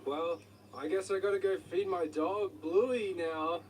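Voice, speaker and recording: A man's voice: sits high, steady tone, unhurried. A man playing a creepy candy-offering stranger. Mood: coaxing. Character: creepy adult man luring a kid with candy. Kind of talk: comedy sketch acting. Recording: distant clip with faint noise.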